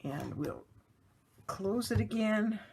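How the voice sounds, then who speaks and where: A woman's voice: medium pitch, expressive, slow pace, gravelly, darkish tone, a little hiss or hum. A woman giving a casual card-making tutorial, chatty and laughing lightly as she narrates each step at her work table.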